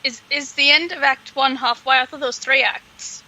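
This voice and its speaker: A woman co-hosting a podcast in casual chat, teasing her partner and quick to correct her. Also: high-pitched, steady tone, pushed and bright, rough recording. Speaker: podcast co-host.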